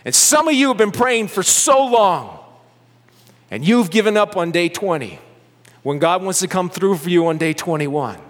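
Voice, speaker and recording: A man preaching a sermon in a church, animated and conversational, with joking asides to the congregation. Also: high-pitched, normal speed. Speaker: pastor. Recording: long hall reverb.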